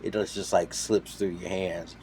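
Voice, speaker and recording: A man with a fairly low voice tells a story in a relaxed, casual way. He acts out the people he quotes, turning suddenly loud and then dropping to quiet asides. A faint hiss of noise sits under the recording. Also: moderate pace. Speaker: storyteller on a talk show.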